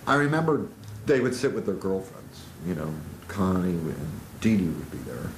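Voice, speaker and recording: A man being interviewed for a documentary, telling anecdotes in a lively way. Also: deep voice, moderate pace, noisy background. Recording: roomy, echoey recording.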